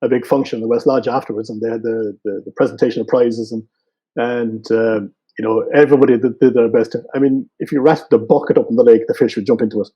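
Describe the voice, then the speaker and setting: Husky West Cork man telling old stories. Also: medium pitch, fast. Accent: Irish, West Cork. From Ireland. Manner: relaxed storytelling with fillers. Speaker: guest, photographer. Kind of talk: casual chat. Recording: dull lo-fi sound.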